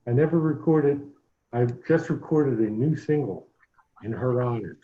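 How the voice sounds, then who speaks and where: A man's voice: medium pitch, moderate pace, natural voice. A man doing a bragging animal-park owner. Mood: boastful. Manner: bragging, grandiose. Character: boastful male animal-park owner, self-obsessed showman. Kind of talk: reading a murder-mystery party script. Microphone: video call. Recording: muffled, echoey video call audio.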